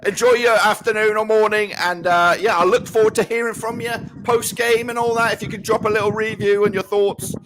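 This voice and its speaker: A man's voice: high voice, steady tone, brisk, few pauses, a bit bright, a little hiss or hum. A man hosting a live-streamed football fan show, chatting casually with a guest and reading out the chat. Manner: casual, chatty, upbeat sign-offs. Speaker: fan channel host.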